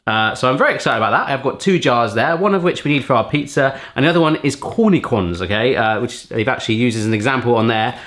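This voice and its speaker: Guy in his thirties, playful vlogger, animated and upbeat, talks to camera. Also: mid-range voice, fast, few pauses. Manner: playful, jokey, talks straight to viewers. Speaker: cooking gadget reviewer. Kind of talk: casual chatty vlog.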